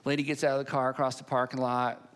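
A man's voice: medium pitch, level tone, quick pace, clear, resonant tone. A middle-aged man preaching a sermon as a pastor, telling stories in a conversational way and repeating phrases for emphasis. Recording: long hall reverb.

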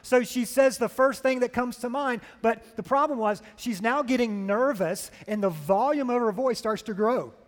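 Male pastor preaching, high voice, animated storyteller, long echo in a big hall. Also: normal speed, hardly any pauses. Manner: animated storytelling, keeps asking "right?". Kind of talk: sermon.

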